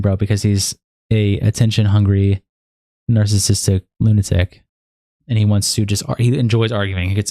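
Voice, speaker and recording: Fast-talking low-voiced male streamer. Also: mellow, no echo, studio quality. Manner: blunt, profane and exasperated. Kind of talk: live-stream commentary reading chat logs aloud.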